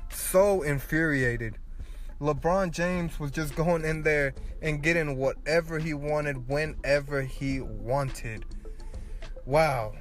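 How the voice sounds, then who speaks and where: A man's voice: on the high side, slow pace, soft background music. Fired-up man ranting on a podcast. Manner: angry ranting, swears, rising to near shouts. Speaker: podcast host. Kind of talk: solo sports rant podcast.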